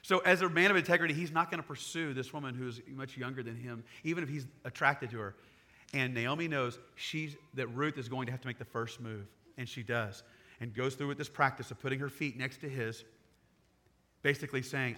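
Bright, animated male preacher. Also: mid-range voice, fairly quick. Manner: animated storytelling, acting out characters in casual paraphrase. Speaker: pastor. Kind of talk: sermon.

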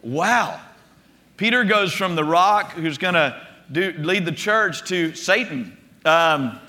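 A male preacher delivers a storytelling sermon with animated energy, doubling back on words as he goes. His voice is high and strikingly bright. A long reverb rolls around the large hall behind him. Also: slow pace. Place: room with a gathered congregation.

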